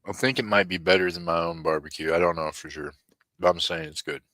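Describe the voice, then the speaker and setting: A man's voice: deep voice, steady tone, quick pace, pushed and bright, dry recording. A man hosting a live online auction and chatting with viewers in a folksy, laid-back way. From United States. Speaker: livestream auction host. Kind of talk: casual live-stream chat with viewers.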